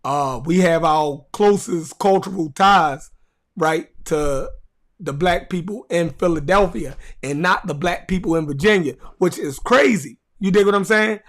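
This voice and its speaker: High-voiced Baltimore man, animated and slangy. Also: measured pace. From Baltimore, USA. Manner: animated slangy storytelling, repeats "you know what I mean". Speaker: podcast host. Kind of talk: casual podcast monologue.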